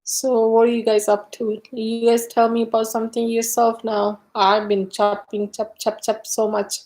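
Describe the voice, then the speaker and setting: A woman's voice: fairly high pitch, flat delivery, moderate pace, darkish tone. A middle-aged woman hosting a casual live stream, chatting with viewers and telling stories with frequent laughter. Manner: chatty storyteller, laughs often.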